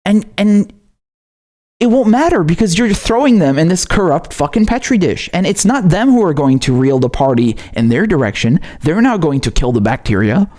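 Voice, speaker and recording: A man from Syria hosts his own political show in a raw, heated rant. He swears freely and doubles up his words as he pushes his points, and his voice sits a little high for a man. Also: moderate pace. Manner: profane, animated, repeats words when worked up. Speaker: political commentary host.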